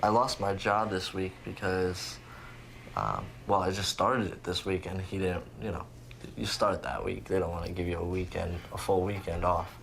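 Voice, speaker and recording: A young man with a fairly low voice talks earnestly about his life for a documentary, pausing often. The recording carries clear background noise throughout. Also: steady tone, fairly bright tone, rough recording. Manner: earnest, plain-spoken, with pauses and fillers. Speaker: camp participant, young father. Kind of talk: documentary interview and candid phone call.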